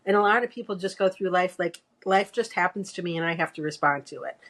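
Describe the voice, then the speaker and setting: A woman's voice: lowish voice, fast talker, fairly bright tone. A woman in casual conversation, explaining ideas at length in an easygoing way. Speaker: podcast co-host. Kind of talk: casual chat.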